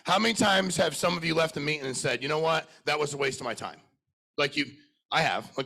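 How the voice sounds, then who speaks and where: A middle-aged man giving a blunt, profane, high-energy sales talk to a live conference audience, questioning people in the crowd. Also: brisk, vocal fry, bright, forceful tone. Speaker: sales trainer speaking at a conference.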